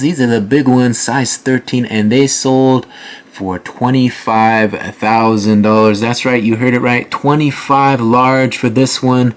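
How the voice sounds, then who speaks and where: A male host giving casual, relaxed commentary while walking through online listings, with frequent fillers. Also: mid-range voice, measured pace. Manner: relaxed, filler-heavy, chatty. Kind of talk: casual screen-share commentary.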